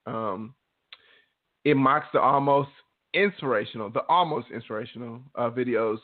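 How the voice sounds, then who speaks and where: A man banters on a podcast in a loose, profane, animated way. His voice sits in a mid range. The line sounds thin and tinny, like a phone call. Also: medium pitch, moderate pace. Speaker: podcast co-host. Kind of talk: casual chat.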